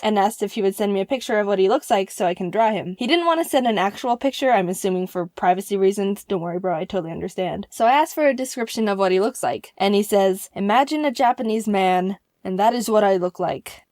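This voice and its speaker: A young woman narrating a funny personal story in a vlog, animated and quick to laugh, acting out the lines she quotes. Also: medium pitch, dry recording, studio quality.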